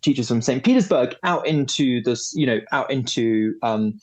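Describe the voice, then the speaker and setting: Young man from England, podcast guest, animated, hesitant delivery. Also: medium pitch, moderate pace. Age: young adult. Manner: animated, hesitant with fillers, playful sound effects. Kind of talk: casual interview chat.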